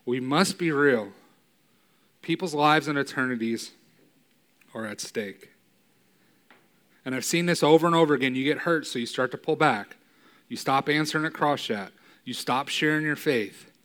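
Male preacher, sermon, conversational, emotional, loud emphatic peaks. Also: mid-range voice, moderate pace, long pauses. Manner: casual, conversational with fillers like "right?".

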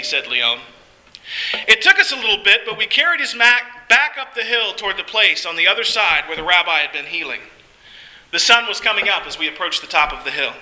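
Bright, high-voiced male storyteller. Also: animated, a little fast, poor audio. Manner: earnest, heartfelt. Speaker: narrator. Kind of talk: first-person scripted storytelling.

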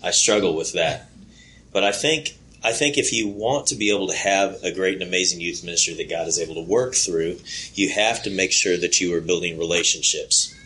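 Man youth minister, deep voice, earnest, stumbles over words. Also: pushed and bright, poor audio. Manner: earnest, halting, many fillers. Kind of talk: workshop talk. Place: conference room.

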